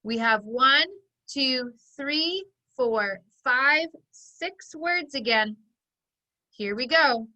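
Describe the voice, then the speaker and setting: A woman phonics teacher giving an online lesson, dictating sentences slowly and clearly for young children. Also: high-pitched, animated, pushed and bright, low-quality recording. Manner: slow, clear dictation, stretching words out for children.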